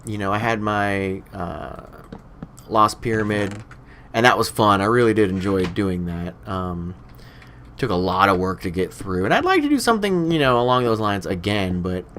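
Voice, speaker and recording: Young guy chatting thru a let's play, low voice, rambly, lots of you knows. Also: a bit bright, a little hiss or hum. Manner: rambling, heavy on "you know" fillers. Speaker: game let's play host. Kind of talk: casual commentary while playing.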